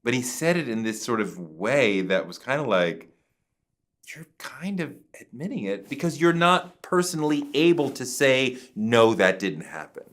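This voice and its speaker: Animated male interview guest telling a story. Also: medium pitch, moderate pace. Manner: acts out quoted voices, emphatic, swears casually.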